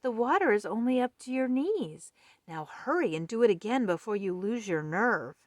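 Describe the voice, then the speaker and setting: A woman's voice: fairly high pitch, big pitch swings, normal speed, no echo, studio quality, voice pushed up. Pushy eager otter, voiced by a woman. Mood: coaxing. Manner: bossy, encouraging.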